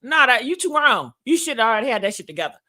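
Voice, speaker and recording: Sassy, bright-voiced woman host. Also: a little high, sing-song, quick pace. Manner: sassy, frank, laughs often, addresses listeners as girl and honey; swears freely. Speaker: podcast host. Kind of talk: casual storytelling chat.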